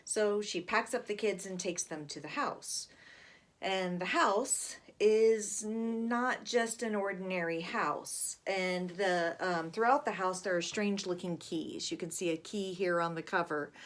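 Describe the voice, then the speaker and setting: A woman's voice: medium pitch, unhurried. A woman casually talking about a favorite horror graphic novel, chatty, with plenty of fillers. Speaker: book reviewer. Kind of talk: casual book talk with read-aloud.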